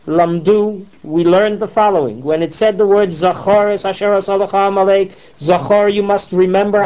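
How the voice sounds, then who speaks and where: A man lectures a Torah class with lively, swooping emphasis, asking his students rhetorical questions and mixing in Hebrew terms. The recording sounds dull and lo-fi. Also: high voice. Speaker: rabbi teaching a class.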